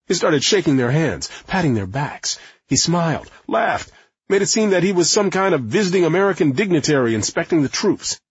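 A man narrating a nonfiction audiobook in a lively, expressive manner. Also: on the high side, fairly quick, husky, no echo, lo-fi sound. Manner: lively, acting out quotes.

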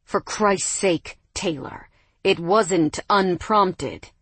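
A woman reading an audiobook, voicing a brooding, angry young man with a gravelly, bitter delivery. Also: drawn-out words, fairly bright tone, dry recording, heavily acted. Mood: exasperated. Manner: bitter, low and clipped. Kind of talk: audiobook narration.

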